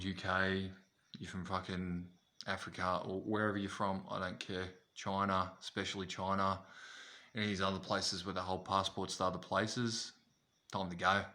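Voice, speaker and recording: A man's voice: deep voice, bright, forceful tone. Blunt, ranting Australian man. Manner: blunt, profane, repetitive. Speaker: vlogger. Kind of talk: ranting to camera.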